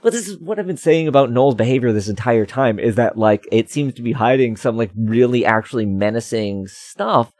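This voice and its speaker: A man's voice: medium pitch, expressive, fairly quick, few pauses, darkish tone, dry recording, studio quality. A man co-hosting a casual podcast chat, rambling with many fillers and restarts. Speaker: podcast co-host.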